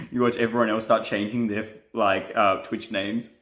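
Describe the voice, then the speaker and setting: A man's voice: on the low side, fairly bright tone. A young man, a pastor and live streamer, chatting casually and playfully as he reads viewer comments and laughs often.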